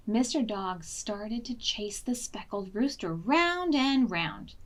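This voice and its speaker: A woman librarian reads a picture book aloud at a preschool storytime, acting out sound effects. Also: medium pitch. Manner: slow, expressive, sound-effect reading. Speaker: children's librarian.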